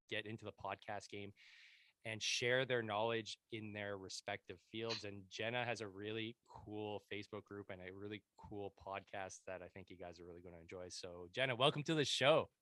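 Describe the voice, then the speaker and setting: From his home basement, a man in his thirties from Montreal hosts a casual podcast interview in Canadian-accented English. His voice is lowish and fairly bright, and he's chatty and rambling, often repeating words.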